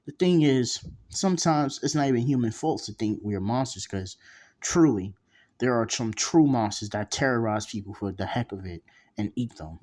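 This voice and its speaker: A man's voice: medium pitch, moderate pace, darkish tone, lightly acted. A man voicing a huge ancient male monster who is cocky and teasing, with a mocking way of talking in a storybook retelling. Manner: mocking, calls him kid.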